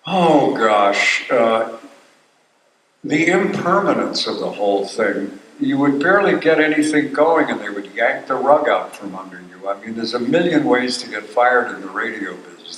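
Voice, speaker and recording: A man's voice: medium pitch, expressive, moderate pace, fairly bright tone, slight background noise. An older man, a voice actor guest at a convention panel, telling wry stories and acting out quotes. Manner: wry storyteller who acts out quotes. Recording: roomy hall, voice from a distance.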